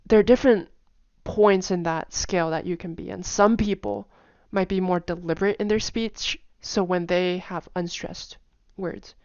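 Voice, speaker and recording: A woman's voice: fairly low pitch, fairly even intonation, moderate pace, few pauses, a little mellow, no room sound. A woman giving a casual spoken lesson, chatty with many fillers, repeating example phrases over and over. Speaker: language teacher. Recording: dull, dry home recording.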